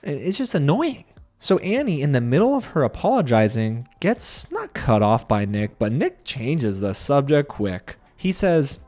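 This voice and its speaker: A man's voice: mid-range voice, wildly swooping pitch, measured pace, a little mellow, faint music behind. A man giving a casual, sarcastic recap of a reality show, talking straight to his viewers with lots of animation.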